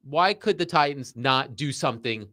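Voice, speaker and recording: Mid-pitched male sports host, steady and measured. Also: no echo, studio quality. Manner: measured, reads quotes aloud then comments. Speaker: sports talk show host. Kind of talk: sports radio talk.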